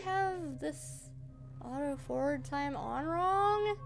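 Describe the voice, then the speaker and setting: A woman playing a narrative game aloud, excitable and prone to swearing and laughing outbursts. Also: high-pitched, drawn-out words, gravelly, long pauses. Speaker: gaming streamer. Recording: game music under the voice. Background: game music.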